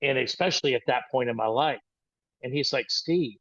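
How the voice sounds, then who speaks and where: A man's voice: mid-range voice, fairly bright tone, no room sound, lo-fi sound. Man in his sixties telling a rambling story. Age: 60s. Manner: rambling, halting with frequent restarts. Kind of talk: personal storytelling talk.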